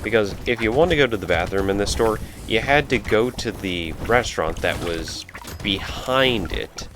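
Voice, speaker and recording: A man's voice: fairly low pitch, lively intonation, normal speed, background noise. A man telling a rambling story while playing a video game, breaking off to react to the game. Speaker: let's play commentator. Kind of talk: casual storytelling over gameplay.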